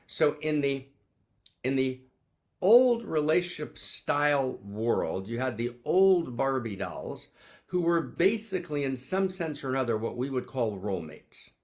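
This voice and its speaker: Male teacher-host, lively swinging pitch, rallies the room with repeated questions, average pitch. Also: measured pace. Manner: rallying, repeats questions, swings from loud to soft. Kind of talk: teaching talk to an online group.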